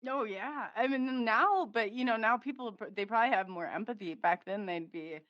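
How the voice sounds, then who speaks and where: A woman's voice: a little high, a little fast, no echo. A woman co-hosting a radio show, chatting casually, laughing often and giving short encouraging replies. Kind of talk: casual chat reacting to a guest. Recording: dull lo-fi radio audio.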